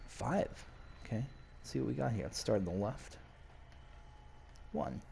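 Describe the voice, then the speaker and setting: A man playing a video game and casually thinking out loud, now and then reading in-game notes aloud. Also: on the low side, lively intonation, a little slow, vocal fry, a little hiss or hum. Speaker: game streamer. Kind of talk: casual let's-play commentary.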